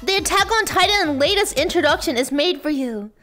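A woman streamer with a high voice that leaps all over the place. She chats casually and playfully with her viewers and often bursts into shouts and laughs. Faint music plays underneath. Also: expressive, a little fast. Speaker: livestreamer. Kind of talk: casual livestream chat greeting viewers.

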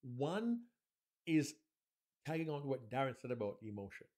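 A man's voice: mid-range voice, moderate pace. A man co-hosting a live podcast on public speaking, explaining techniques and acting out examples. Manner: animated, acts out examples. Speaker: podcast co-host, speaking coach.

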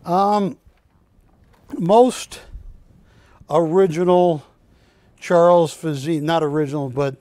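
Slow, dry-voiced man selling on live TV. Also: a little high, warm tone, dry recording. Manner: rambling anecdotal storytelling, self-correcting. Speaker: shopping channel host. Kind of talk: live TV sales presentation. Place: TV studio.

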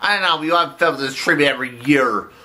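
A man's voice: a little high, quick pace, bright, forceful tone. A man voicing a scheming, cocky cockroach gang boss in a puppet comedy skit, rallying his crew in a bossy, speechmaking way. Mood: rousing.

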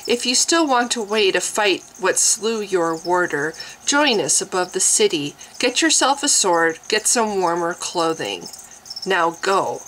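A woman voicing a confident young male lord with a brisk, assured manner. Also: fairly low pitch, sing-song, a bit bright, slight background noise, poor audio. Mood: commanding.

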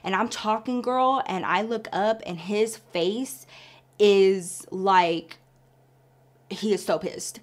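A woman vlogger telling a story in casual, animated chat, often calling her listeners girl. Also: mid-range voice, slow.

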